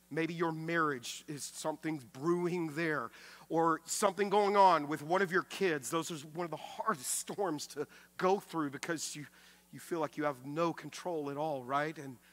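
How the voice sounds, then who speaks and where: A man pastor preaching a sermon with emphasis, swinging from loud to hushed and often repeating words as he restarts. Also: a little high. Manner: acts out quoted speech with raised voice.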